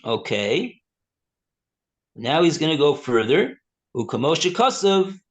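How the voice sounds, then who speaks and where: A male rabbi teaching a text class. He reads passages aloud and translates them in a halting way, with many fillers and restarts. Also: on the high side, big pitch swings. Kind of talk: slow text study, reading and translating.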